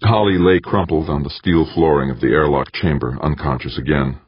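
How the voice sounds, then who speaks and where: Audiobook narrator, man, very low husky voice, measured read, dry muffled recording. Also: no room sound. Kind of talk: scripted narration. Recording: dry, slightly dull lo-fi sound.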